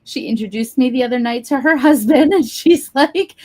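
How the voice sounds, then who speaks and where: A woman's voice: sits high, normal speed, few pauses, a little mellow. A woman co-hosting a podcast who works as a spiritual guide, telling stories in earnest casual chat. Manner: earnest storytelling, acts out quoted voices.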